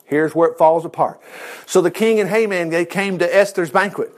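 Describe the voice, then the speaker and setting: A man teaching a Bible lesson in an animated way, chuckling and making chatty asides. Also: high-pitched, normal speed.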